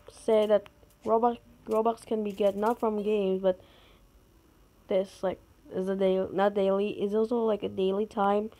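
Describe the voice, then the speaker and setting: A woman giving gameplay commentary, excitable, with sudden high outbursts. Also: gravelly. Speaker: gamer.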